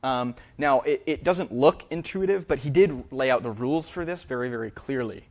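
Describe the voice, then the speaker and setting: A man's voice: medium pitch, moderate pace, a little mellow. A man, a linguist, giving a public lecture in a theater, hesitant and full of fillers and restarts.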